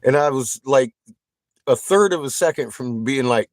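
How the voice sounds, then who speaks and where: A man chatting casually with viewers on a livestream. He swears constantly, gets excited and laughs often. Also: medium pitch, moderate pace, dry recording.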